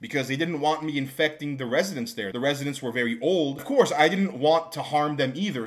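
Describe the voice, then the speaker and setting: A man's voice: on the high side, brisk, few pauses. A man telling a storytime vlog about a job, exasperated and ranting. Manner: exasperated, builds to shouting rants. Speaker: vlogger telling a work story. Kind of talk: storytime monologue.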